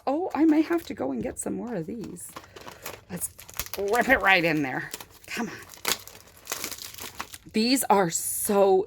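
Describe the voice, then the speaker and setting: High, lively, gushing woman unboxing toys. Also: a little hiss or hum. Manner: gushing and excitable, with gasps and squeals of delight. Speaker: toy reviewer. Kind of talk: toy unboxing review.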